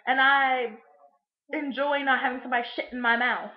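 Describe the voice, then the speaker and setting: A woman's voice: high-pitched, fairly even intonation, normal speed. A young woman recapping a movie in a casual vlog, crude and sarcastic, rambling with lots of fillers. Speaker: vlogger. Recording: echoey room, muffled lo-fi sound.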